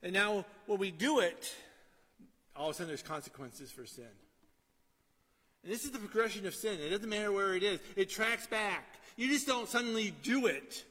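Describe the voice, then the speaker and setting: A middle-aged man preaching a sermon in a conversational way, often asking "right?" and dropping to a quiet storytelling tone. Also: sits high, expressive, moderate pace, in a large hall. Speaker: pastor.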